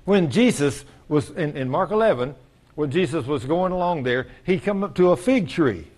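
A man's voice: on the high side, expressive, normal speed, a little mellow. A man preaching a sermon in church, telling folksy stories and acting out the voices of the people in them.

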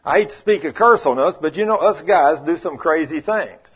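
A man preaching a sermon, telling folksy stories and acting out the people in them, swinging from loud rebukes to quiet asides. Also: on the high side, animated, moderate pace, husky. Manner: folksy, acts out quoted voices, shifts between loud rebukes and quiet asides. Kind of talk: sermon with storytelling. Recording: muffled lo-fi sermon recording.

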